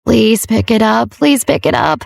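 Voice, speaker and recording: A woman's voice: a little high, sing-song, a little slow, creaky, darkish tone, no room sound, studio quality, voice pushed up, full character voice. A woman voicing a sassy, proud young heiress who turns sweet or tart at will, in an audiobook reading. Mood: anxious. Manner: sweet on the phone, tart and facetious.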